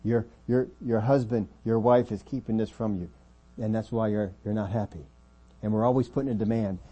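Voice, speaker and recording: A man preaching a sermon as pastor of a church, earnest, often dropping his voice quiet to make a point. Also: fairly low pitch, steady tone, moderate pace, husky, highs cut off.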